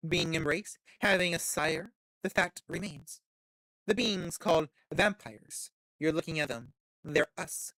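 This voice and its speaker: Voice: medium pitch, unhurried, a bit bright, no room sound, clean studio sound. A streamer reading as a poised vampire patroness. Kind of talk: reading game dialogue aloud.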